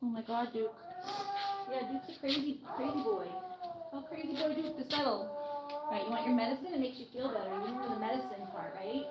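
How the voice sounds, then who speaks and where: An animal caretaker with a high voice talks a little fast in casual vlog narration as she tends an injured bird, coaxing and soothing it along the way. The audio is very noisy, with a dog barking in the background.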